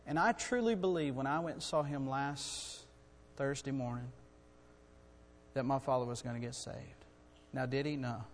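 A middle-aged man preaching a sermon in a church, earnest and building to loud, urgent storytelling. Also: mid-range voice, moderate pace, a little hiss or hum. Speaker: guest preacher. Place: church sanctuary. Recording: long hall reverb.

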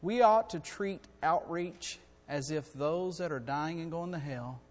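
A middle-aged man preaching a sermon in a church, earnest and building to loud, urgent storytelling. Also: on the high side, measured pace, a little hiss or hum. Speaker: guest preacher. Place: church sanctuary. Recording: long hall reverb.

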